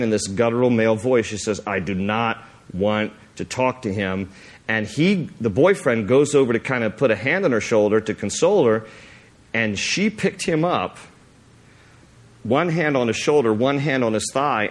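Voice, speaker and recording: In the middle of a sermon, a male pastor narrates a story and animatedly acts out the scene. His rambling is full of fillers and restarts, and his voice jumps high as he gets excited.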